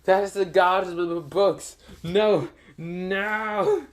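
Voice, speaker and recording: A man's voice: high voice, steady tone, slow pace, voice pushed up. A man voicing a whiny adult male ninja who wails and pleads in a raised voice, in a spoken fan story. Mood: wailing. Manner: wailing, pleading.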